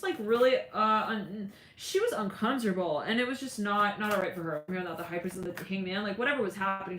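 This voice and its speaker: A woman's voice: mid-range voice, a bit bright, a little hiss or hum. Talk like a chatty tarot reader doing a casual reading, rambling and laughing easily, in a woman's mid-range voice, in a room with plenty of echo. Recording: echoey room.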